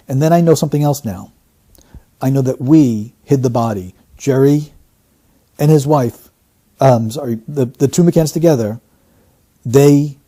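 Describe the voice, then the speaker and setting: Husky, mellow-voiced male analyst. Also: medium pitch. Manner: deliberate, teacherly. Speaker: statement analyst. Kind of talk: explanatory commentary.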